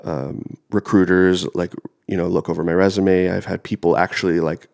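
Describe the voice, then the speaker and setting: Congested young man with a gravelly low voice. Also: level tone, normal speed, darkish tone. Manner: rambling, filler-heavy. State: congested from a cold. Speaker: podcast co-host. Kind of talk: casual chat.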